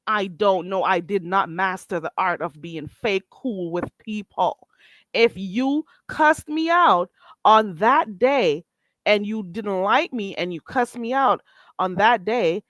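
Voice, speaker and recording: A woman's voice: medium pitch, a bit bright, no echo. A woman hosting a casual livestream, talking bluntly and swearing freely, reading and answering her chat. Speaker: livestream host.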